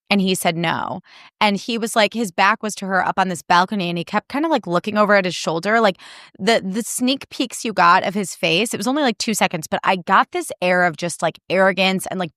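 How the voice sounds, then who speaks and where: A woman's voice: mid-range voice, a bit bright, no room sound. Young woman, podcast host from Chicago, heated and swearing freely, dry close mic. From Chicago, US Midwest. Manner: heated profanity-laced rant. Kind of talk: casual chat.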